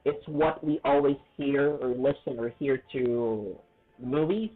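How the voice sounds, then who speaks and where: Male English teacher, husky tone, earnest casual lesson, tinny phone-like sound. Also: medium pitch. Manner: earnest, checks in often with "okay?" and "right?"; stresses words slowly and deliberately.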